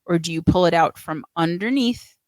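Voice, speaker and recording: A woman hosting an interview show, chatty and expressive, laughing often. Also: lowish voice, moderate pace, no echo. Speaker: host. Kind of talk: casual interview chat.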